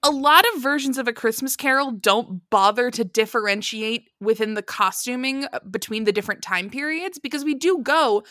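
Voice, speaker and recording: Woman, bright tone, higher pitch, dry close sound, casual podcast chat, swears, laughs a lot. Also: moderate pace, hardly any pauses, no echo. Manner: animated, swears freely, laughs often. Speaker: podcast co-host. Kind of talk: casual film-review chat.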